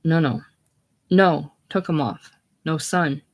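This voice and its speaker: A reader voicing a very old, deaf man, a poet and showman, speaking in short, loud declarations. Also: mid-range voice, slow pace. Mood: proud.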